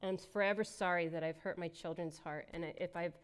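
A woman's voice: lowish voice, steady tone, fairly quick, clean tone. A middle-aged woman giving a candid, emotional personal testimony as a church speaker, laughing often as she talks.

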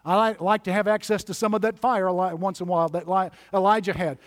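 A man's voice: high voice, steady tone, quick pace, big-room sound. A man preaching a sermon as pastor, emphatic and building through repeated lists.

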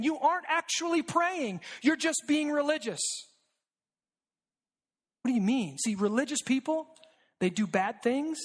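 A preacher mid-sermon, speaking in a rhetorical style full of repeated lines and quick "right?" checks. Key phrases are pressed home by sinking lower and softer. The delivery stays steady and earnest. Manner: rhetorical and repetitive, with frequent "right?" asides; drops low and quiet for emphasis.

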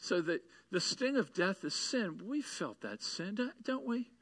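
A man's voice: high-pitched, very animated, unhurried, fairly bright tone, dry recording, poor audio. A man preaching a sermon, reading scripture and building to taunting, emphatic peaks. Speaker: pastor.

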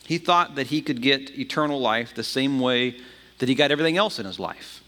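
A male pastor preaching a sermon in an animated way, often repeating a word as he starts a phrase. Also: medium pitch, a little fast. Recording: long hall reverb.

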